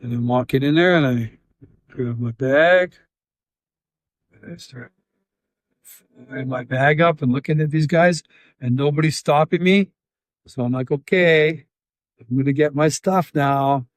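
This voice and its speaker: A Canadian man telling a story in an interview, acting out scenes with sound effects and halting restarts. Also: medium pitch, no echo, clean studio sound. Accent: Canadian English. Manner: animated, acts out scenes with sound effects and quoted voices. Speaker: interview guest, volunteer.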